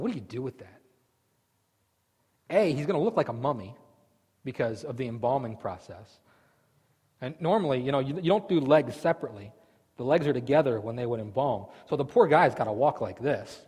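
A man preaching a sermon as pastor, telling the story vividly and swinging from loud outbursts to hushed asides. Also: medium pitch, husky. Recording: long hall reverb.

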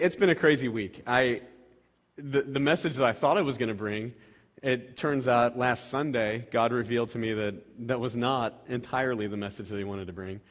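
Man preaching in a reverberant church. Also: mid-range voice. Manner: self-deprecating, rambling with restarts and chuckles. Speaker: lay preacher. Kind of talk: casual sermon with prayer. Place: church sanctuary.

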